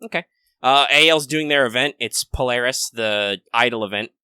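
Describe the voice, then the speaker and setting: Podcast co-host, male, mid pitch, bright and dry, rambling casual delivery. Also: moderate pace, smooth, dry recording. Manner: rambling, jokey, talks at length. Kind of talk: casual chat.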